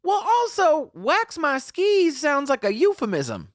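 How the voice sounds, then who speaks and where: Woman co-host, sarcastic and crude, lively pitch, close dry mic. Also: unhurried, no room sound. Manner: sarcastic, crude asides and mock dialogue. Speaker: podcast co-host. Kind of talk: casual true-crime chat.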